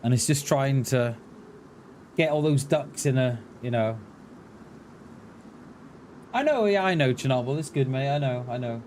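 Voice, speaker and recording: Man, light Mid Welsh accent, live streamer, casual gaming commentary, chatty, musing, mid pitch, faint background hum. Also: measured pace, long pauses, darkish tone. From Mid Wales. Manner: chatty, musing, answers chat with "mate".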